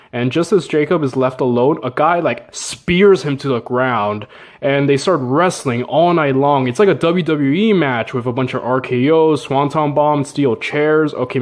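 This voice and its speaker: A man casually retelling an old story with jokes, slang and asides. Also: mid-range voice. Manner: joking, slangy, with fillers and laughs. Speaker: narrator.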